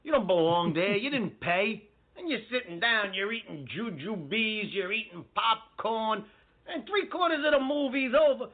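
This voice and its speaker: A brash, swaggering New cousin, all boasts and curses, as a man puts him on. The voice runs high and lively with a husky edge. It sounds squeezed through a tinny, phone-like line. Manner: swaggering, profane, fast-talking. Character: brash Bronx-style male wall-building cousin.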